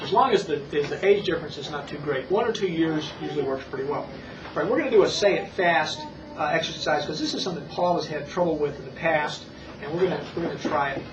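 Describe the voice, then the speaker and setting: A reading instructor demonstrates a lesson, coaching a small child with slow, exaggerated words and calm repetition. The voice sits at a middle pitch and comes from far off in an echoey room. The tape is dull and hissy. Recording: echoey, distant, muffled old tape with hiss.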